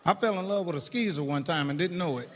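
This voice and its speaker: A man in his older years doing a stand-up comedy routine, telling crude stories in a loud, animated way. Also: high voice, fast talker. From United States. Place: comedy club stage with a laughing audience. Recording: live stage in a large hall, loud crowd noise.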